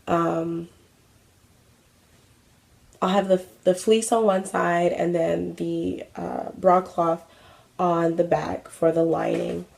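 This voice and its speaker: A young adult woman hosts a craft vlog, chatting casually with many fillers and self-mocking asides. Her voice is lowish and creaky with a darkish tone.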